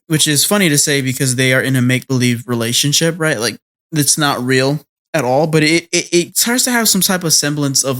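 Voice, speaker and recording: A man's voice: fairly high pitch, a bit bright. A man co-hosting a casual anime podcast, rambling through episode recaps with lots of fillers and playful character impressions. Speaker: podcast co-host.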